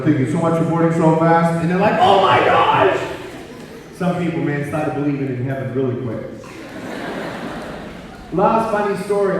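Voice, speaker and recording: A man's voice: on the high side, slight background noise. A man in his thirties giving a humorous motivational talk to a live audience, a playful storyteller who acts out the voices in his stories. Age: 30s. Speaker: motivational speaker. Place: large school gymnasium. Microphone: handheld mic, recorded from far off in the hall. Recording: very echoey gym recorded from far off.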